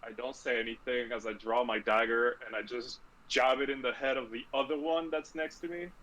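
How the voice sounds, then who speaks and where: A man player in a casual tabletop game session, speaking in a calm, deliberate way. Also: medium pitch, low-quality recording.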